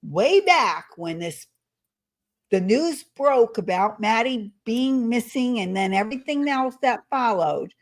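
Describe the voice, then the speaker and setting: Indignant woman with a lively high voice. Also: slow. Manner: indignant, emphatic, addresses people directly. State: has the hiccups. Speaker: co-host of a live trial commentary stream. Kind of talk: casual live commentary.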